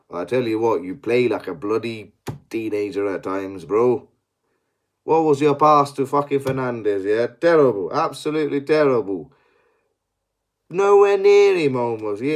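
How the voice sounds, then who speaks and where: A man's voice: mid-range voice, a little mellow. A young man giving a sweary, exasperated post-match analysis as a football fan.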